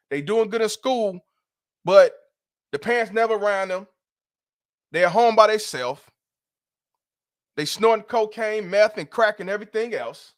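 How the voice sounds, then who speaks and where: A middle-aged man with a somewhat high-pitched voice, hosting a live commentary stream. He talks bluntly and emphatically, swearing freely as he presses his points. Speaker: host. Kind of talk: livestream commentary rant.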